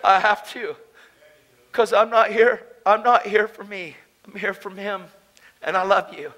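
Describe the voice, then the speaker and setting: Fervent high-voiced male preacher. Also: steady tone, measured pace, rough recording. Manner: passionate, emotional, swings between loud and hushed. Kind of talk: conference sermon. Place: conference hall.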